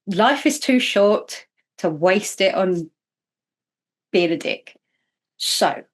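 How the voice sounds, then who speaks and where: A woman hosting a podcast in casual chat, chatty and self-mocking with quick asides. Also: mid-range voice. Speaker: podcast host.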